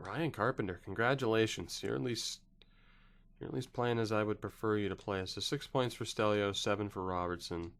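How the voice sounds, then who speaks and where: A young man casually commenting on a hockey video game he is playing, chatty, with wry asides and frequent self-corrections. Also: on the low side. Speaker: gaming YouTuber.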